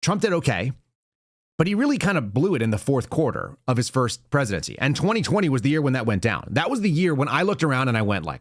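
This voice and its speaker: A man's voice: medium pitch, sing-song, fast talker, dry recording, clean studio sound. A man hosting a live political commentary show, talking casually and bluntly with sardonic, rambling asides. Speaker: podcast host.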